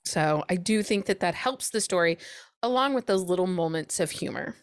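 A woman co-hosting a casual book podcast, lively and chatty, often acting out characters' lines. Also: on the low side, moderate pace, no echo, clean studio sound. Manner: animated, acts out characters' lines with laughs. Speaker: podcast co-host.

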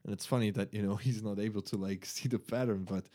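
A German man with a lowish voice talks fast while chatting casually with friends. He laughs a lot, swears, and tells animated stories, acting out the quotes.

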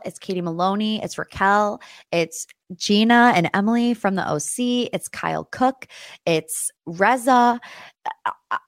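A young woman hosting a podcast, telling a story in a casual way and acting out quotes in high, excited voices. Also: no echo, studio quality. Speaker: podcast host.

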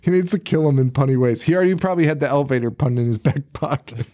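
A man in casual podcast chat, retelling a film scene by scene. He swears freely, laughs a lot and slips into quick impressions of the characters. His voice sits at an ordinary middle pitch. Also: warm tone. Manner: profane, laughing, acts out characters' lines. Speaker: podcast host. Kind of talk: casual movie recap chat.

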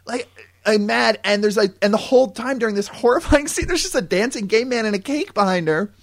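A man recaps a film plot for his co-hosts in a loose, chatty way. His voice sits a little high, and he jumps in and out of quoted lines with plenty of fillers. The tone is animated and conversational. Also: brisk. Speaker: podcast co-host. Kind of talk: casual movie review chat.

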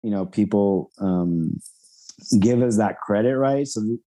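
A man's voice: fairly low pitch, a little slow, dark tone. A man co-hosting a casual podcast, talking in a rambling way full of fillers. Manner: rambling, lots of fillers and "you know". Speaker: podcast co-host. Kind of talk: casual chat.

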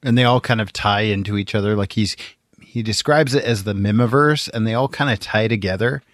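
A man co-hosting a podcast, talking about movies in a relaxed way with frequent fillers. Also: on the low side, a little fast, dry recording, studio quality. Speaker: podcast co-host. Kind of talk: casual movie discussion.

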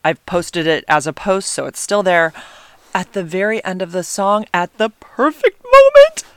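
A woman's voice: on the low side, normal speed, clean tone, no room sound. A middle-aged woman telling a story casually to her audience, gushing and rambling with many fillers. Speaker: vlogger, mother.

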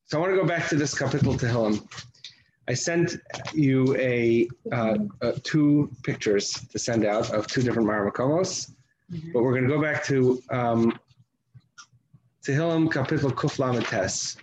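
A man teaching a slow text study. He reads Hebrew verses aloud, then translates them, often halting and restarting. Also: medium pitch, a little mellow. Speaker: Torah teacher. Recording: echoey room with faint noise.

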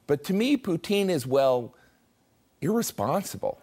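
A man's voice: on the high side, big pitch swings, a little slow, darkish tone. A man delivering a scripted comic commentary in a dry, self-mocking way. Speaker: comedy commentator.

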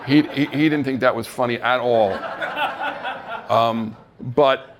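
A man's voice: mid-range voice, takes it slowly, a crowd in the background. A middle-aged man tells a live audience about his acting life. He acts out the people in his stories and laughs at his own mishaps. His voice sits in the ordinary middle range for a man. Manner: animated storyteller who acts out quoted voices and laughs at himself. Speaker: actor telling his story on stage. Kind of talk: storytelling talk. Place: live event stage.

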